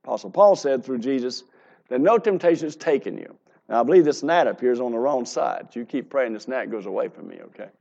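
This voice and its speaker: A man's voice: medium pitch, lively intonation, quick pace, vocal fry, darkish tone. Male pastor delivering a sermon, emphatic scripture reading, dull lo-fi recording. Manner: preaching, reading scripture aloud with rising emphasis.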